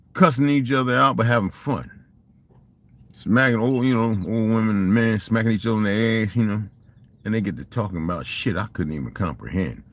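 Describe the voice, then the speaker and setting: A man's voice: fairly low pitch, a bit bright. An older man telling rambling, profane stories in a casual monologue and asking rhetorical questions. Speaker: vlogger.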